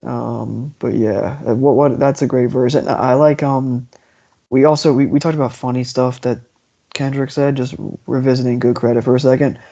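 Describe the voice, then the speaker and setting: Rambling man with a mellow, muffled voice. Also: medium pitch, level tone, moderate pace. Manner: rambling, restarts often, enthusiastic. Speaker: podcast host. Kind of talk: casual music discussion. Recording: dull lo-fi podcast audio.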